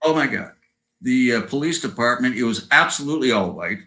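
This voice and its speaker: Fairly quick, bright and forceful, this medium-pitched voice has lively intonation, though the audio is poor. The speaker, a guest musician of about seventy from Southern California with an American accent, rambles casually over a video call, sprinkling in "you know" and "right?".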